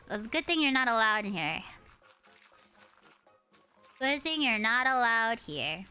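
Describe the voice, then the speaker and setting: Woman in her early 20s, high anime-girl-like voice, bright and crisp, animated ranting with swearing, casual game stream. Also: slow pace, long pauses, faint music behind. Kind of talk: casual gaming stream chatter.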